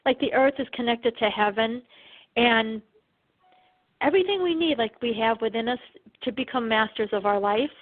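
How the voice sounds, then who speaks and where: Upbeat woman co-host on a phone line. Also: a little high. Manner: enthusiastic, many fillers like you know. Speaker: co-host and channeler. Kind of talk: spiritual talk show.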